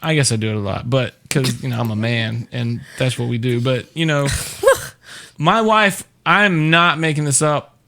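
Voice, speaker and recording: A man's voice: mid-range voice, normal speed, creaky, pushed and bright. A middle-aged man hosting a casual chat show, joking and rambling with lots of fillers. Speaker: show host.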